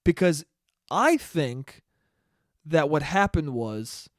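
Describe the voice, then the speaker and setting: Man, 20s, solo podcast host, casual monologue, rambling, profane, laughs a lot, slightly high voice. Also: lively intonation, takes it slowly, no room sound, clean studio sound. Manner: rambling, swears freely, laughs at own stories.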